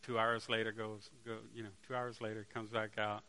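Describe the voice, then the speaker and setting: A man's voice: fairly low pitch, little pitch movement, fairly quick, sharp tone, smooth. A man preaching a sermon to a congregation in a conversational way, asking them rhetorical questions and restarting words as he searches for them.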